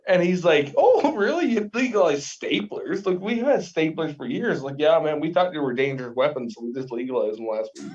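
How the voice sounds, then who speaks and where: A man's voice: on the high side, a little fast, hardly any pauses, darkish tone. A Canadian man co-hosting a podcast, swearing freely and telling stories in casual chat. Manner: profane, storytelling. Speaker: podcast co-host. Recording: distant, muffled mic.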